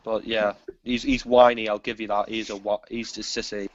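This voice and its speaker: A man's voice: on the low side, flat delivery, moderate pace, dry recording. A man chatting agreeably about a film in a casual discussion. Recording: dry, dull lo-fi recording.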